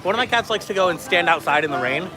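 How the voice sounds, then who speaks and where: A man's voice: fairly high pitch, lively intonation, racing. A man co-hosting outdoors at a theme park, telling a joke in a dry, self-mocking way. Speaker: co-host. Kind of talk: casual chat. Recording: loud crowd and outdoor noise.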